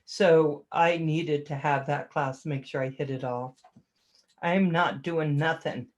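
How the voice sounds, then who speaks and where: A woman hosts a casual livestream, reading chat, greeting viewers by name, poking fun at herself and laughing often. Her voice sits low and steady, she takes her time, and the audio sounds dull.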